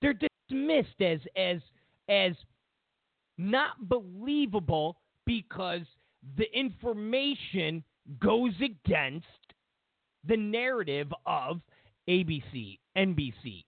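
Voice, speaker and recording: Gravelly, animated male commentary host. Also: sits high, slow pace, dry recording. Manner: emphatic, repeats and lists points, sarcastic asides. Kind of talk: opinionated political monologue. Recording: tinny phone-like dry sound.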